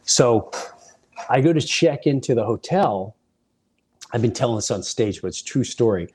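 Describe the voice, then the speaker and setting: A man hosting a podcast, telling animated, rambling off-the-cuff stories that wander off on side paths. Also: mid-range voice, moderate pace, a little hiss or hum. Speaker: podcast host, comedian. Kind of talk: off-the-cuff storytelling.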